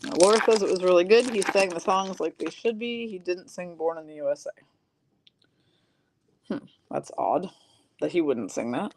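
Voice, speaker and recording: A woman with a somewhat low voice hosts a live-streamed card break. She reads off player names and teams in a steady run and drops in casual, chatty asides to viewers. Her throat sounds a little rough, and she coughs and clears it now and then. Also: measured pace, long pauses, a little hiss or hum.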